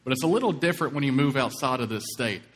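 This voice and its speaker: A man's voice: mid-range voice, animated, fast talker, fairly bright tone. A man from Kentucky preaching a sermon, telling a story and acting out quoted voices. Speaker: pastor. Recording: long hall reverb.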